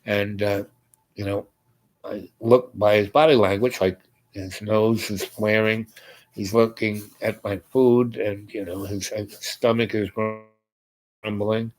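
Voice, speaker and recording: A man hosting a show, telling a long personal story in a meandering, halting way and acting out the dialogue. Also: on the low side, level tone, poor audio. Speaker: host.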